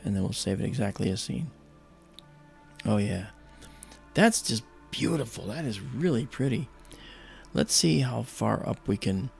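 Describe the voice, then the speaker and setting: A gravelly-voiced man hosting a livestream in a relaxed, chatty way. He talks with plenty of fillers and open enthusiasm. Faint music plays behind him. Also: on the low side. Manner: chatty, many fillers, enthusiastic about space. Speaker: livestream host. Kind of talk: casual storytelling.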